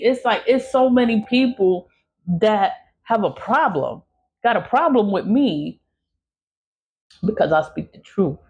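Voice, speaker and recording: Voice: medium pitch, animated, a little slow, slightly rough, muffled recording. Blunt, profane vlogger venting. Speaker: content creator. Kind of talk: casual vlog monologue.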